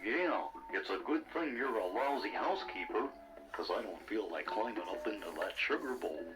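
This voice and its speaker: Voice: mid-range voice, lively intonation, normal speed, close to an everyday voice, poor audio. A performer voicing a hungry, easygoing male caterpillar-like creature with a folksy drawl in a storybook cassette. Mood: chatty. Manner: greedy, easygoing, talks with mouth full. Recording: loud music bed.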